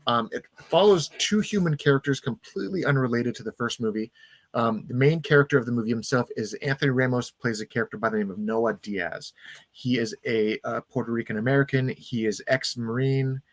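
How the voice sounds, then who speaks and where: In a dry recording, a man's mid-range voice carries a casual podcast as he excitedly retells a movie's story. The host jumps into quick character voices now and then, acting out lines during his enthusiastic recap.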